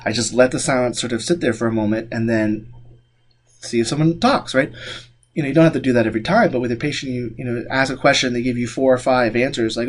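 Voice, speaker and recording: A male instructor lectures a class in a loose, conversational way, circling back and restarting his sentences with plenty of fillers. His voice sits at a middling pitch, and a faint noise hangs behind the recording. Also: fast.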